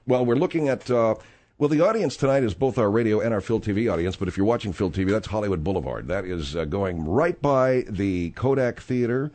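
A middle-aged man hosts a talk-radio show with a lively, swooping delivery. He rambles through stories in a casual way, full of fillers and asides. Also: lowish voice, brisk. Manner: rambling and animated, with frequent fillers.

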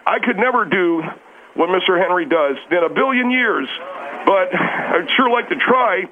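Bumbling male caller voiced by a man, high voice, halting delivery, heard over a tinny phone line. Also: lively intonation, a little hiss or hum. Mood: flustered. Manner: halting, stumbling, fumbles names.

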